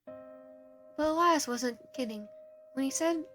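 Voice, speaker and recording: A woman's voice: high voice, slow pace, a bit bright, soft background music. A woman streamer reading a visual novel aloud, narration and player lines, often stumbling and restarting. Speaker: game streamer.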